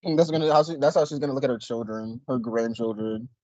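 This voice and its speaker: Young man, reaction co-host, joking, rambling, mid pitch, dry dull sound. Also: fast talker, dry recording. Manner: joking, loud laughs, rambling asides. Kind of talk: casual reaction chat.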